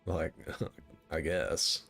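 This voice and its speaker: A young man hosts a casual gaming stream for a game fight night, rambling through crude jokes and banter with frequent laughs. His bass voice is very slow, creaky, and fairly bright in tone, with soft background music behind him.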